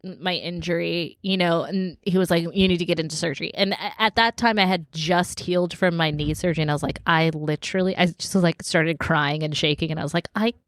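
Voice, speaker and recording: A woman's voice: lowish voice, fairly even intonation, fairly quick, hardly any pauses, no echo, clean studio sound. A young woman co-hosting a podcast, chatting casually and teasing with lots of laughter. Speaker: podcast co-host. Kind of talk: casual chat.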